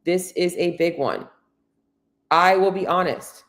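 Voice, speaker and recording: Blunt, lower-voiced woman coach. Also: expressive, takes it slowly, long pauses. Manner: blunt and candid, swears freely; earnest, coaching tone addressing women directly. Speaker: fitness and health coach. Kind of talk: solo podcast monologue.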